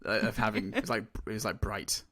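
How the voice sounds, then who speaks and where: A man's voice: fairly low pitch, steady tone, fast, fairly bright tone. A man co-hosting a casual film review chat, dry and sardonic, laughing often at his own lines. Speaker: podcast co-host.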